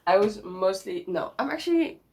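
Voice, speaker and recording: A woman's voice: mid-range voice, very animated, normal speed, a little mellow, low-quality recording. Giggly rambling young woman vlogger. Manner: bubbly, rambling, giggly, many likes and restarts. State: sick. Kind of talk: casual chatty vlog.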